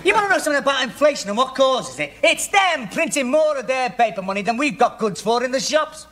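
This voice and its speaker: An actor playing a cheeky, argumentative young Liverpudlian man in a 1970s sitcom, mocking and quick to argue back. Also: extremely high pitch, animated, pushed and bright, a little hiss or hum, exaggerated voice. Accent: Liverpool Scouse.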